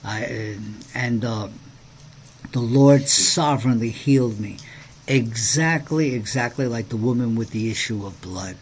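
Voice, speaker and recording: Man, preacher co-hosting a faith podcast, earnest testimony, halting restarts, mid pitch. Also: breathy edge. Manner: earnest personal testimony, told with many restarts. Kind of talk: casual faith podcast conversation.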